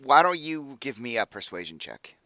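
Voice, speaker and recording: A man's voice: medium pitch, very animated, normal speed, sharp tone, no room sound. A man narrating as game master for a tabletop game, casual and full of fillers.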